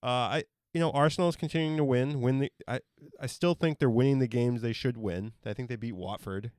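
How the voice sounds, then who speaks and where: A man's voice: mid-range voice, fairly quick, a little mellow, dry recording. A man co-hosting a podcast from a home studio, chatting casually and joking, with side remarks as he goes. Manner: joking, laid-back, trails off into asides. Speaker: podcast co-host. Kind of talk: casual sports chat.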